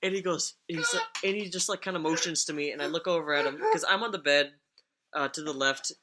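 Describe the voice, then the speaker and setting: A man's voice: a little high, fast talker, bright, forceful tone. A young man telling stories on a casual podcast, rambling and swearing, often laughing as he talks. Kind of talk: casual storytelling chat.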